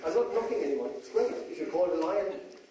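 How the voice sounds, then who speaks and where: A man's voice: high voice, animated, fast, a crowd in the background. A man from Germany with a German accent, giving a joking public talk to an audience and often checking in with "okay?". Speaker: speaker. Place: talk venue. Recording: echoey hall from far off, faint noise.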